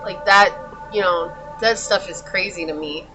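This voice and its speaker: A woman's voice: lowish voice, measured pace, pushed and bright, soft background music, rough recording. A woman giving a tarot reading in a chatty, casual way, talking straight to the viewer and laughing often. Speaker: tarot reader.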